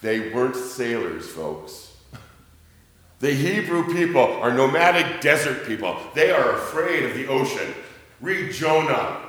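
A man preaching a sermon as pastor, joking with his congregation and swinging between booming emphasis and quiet asides. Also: very animated, a little slow. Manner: jokey with the congregation. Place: church sanctuary. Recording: roomy church reverb.

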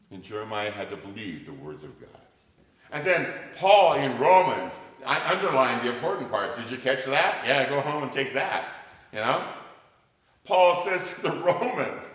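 An older male pastor preaching a sermon, telling stories animatedly and swinging from loud to hushed. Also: mid-range voice, sing-song, moderate pace. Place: church sanctuary. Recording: echoey church hall.

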